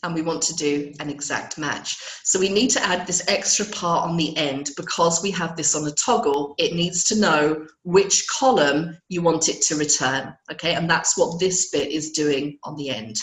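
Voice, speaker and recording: A woman with a hoarse voice teaching spreadsheet functions in a live webinar, patiently checking in with her listeners. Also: deep voice, moderate pace, few pauses, reverberant, rough recording. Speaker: Excel trainer.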